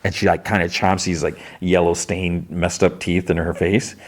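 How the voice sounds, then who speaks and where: Man, low voice, casual podcast recap, filler-heavy, rambling. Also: little pitch movement, normal speed. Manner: rambling, loose delivery full of "like" and restarts. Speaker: podcast host.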